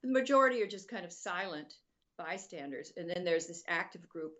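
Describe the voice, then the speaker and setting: A woman's voice: on the low side, animated, brisk, fairly bright tone, highs cut off. A woman answering interview questions thoughtfully, with hesitant restarts. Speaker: guest author.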